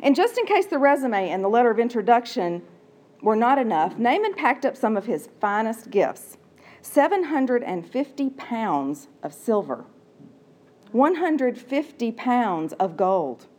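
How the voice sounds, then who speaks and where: Woman preacher, storytelling sermon, conversational, playful asides, animated, fairly high. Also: a little slow.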